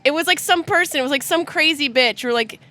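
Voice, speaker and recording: A woman's voice: high voice, fast talker, sharp tone. A woman in her thirties hosting a live podcast, bawdy and teasing in casual banter, laughing often. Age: 30s. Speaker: podcast host.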